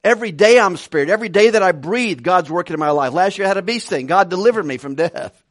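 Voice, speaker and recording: A man preaching a conversational Bible study sermon with animated delivery and frequent chuckles. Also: high voice, fast, no room sound, clean studio sound. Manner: conversational, animated, laughs between points.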